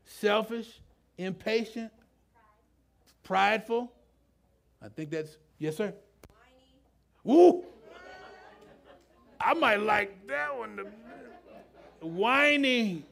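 A man's voice: sits high, very slow, creaky, pauses often, a bit bright. A man preaching a sermon in a loose, conversational way, often asking the congregation questions. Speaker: pastor. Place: church with a live congregation.

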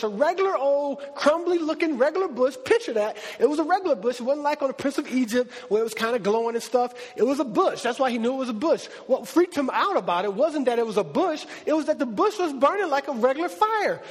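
A man giving a casual, animated Bible teaching, acting out the quotes in a conversational way. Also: extremely high pitch. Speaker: preacher. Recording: reverberant hall.

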